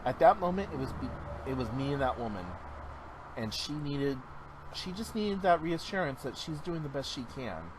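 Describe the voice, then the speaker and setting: A man's voice: medium pitch, big pitch swings, normal speed, noisy background. A man vlogging a casual check-in, talking in an earnest, encouraging way that drifts into tangents.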